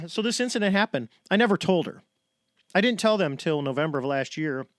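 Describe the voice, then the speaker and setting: Fast-talking American man, dry close sound. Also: high-pitched, no room sound. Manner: animated, quotes people in his stories. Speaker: podcast guest, retired navy pilot. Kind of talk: casual storytelling.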